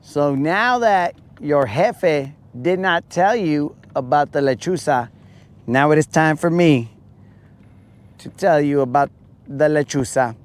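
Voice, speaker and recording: Slow, joking fishing-stream host man. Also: a little high. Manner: joking, teasing, drawn-out delivery. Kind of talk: casual live chat.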